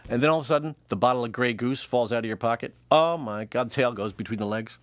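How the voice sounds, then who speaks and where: A man's voice: medium pitch, fast. A man hosting a comedy show, delivering a jokey stand-up monologue and laughing often.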